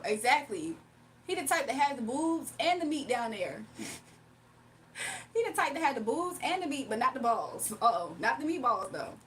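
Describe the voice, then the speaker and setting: A woman's voice: sits high, fairly bright tone, recorded from a distance, a little hiss or hum. A woman reading tarot on a livestream, reading chat comments aloud and trading blunt, sassy trash talk with frequent laughs. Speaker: tarot reader streaming live.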